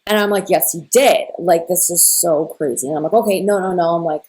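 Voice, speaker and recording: This young woman, a spiritual content creator, talks fairly quickly in a fairly low voice with a darkish tone. She rambles through a personal story, leaning on "like" and emotionally replaying a conversation.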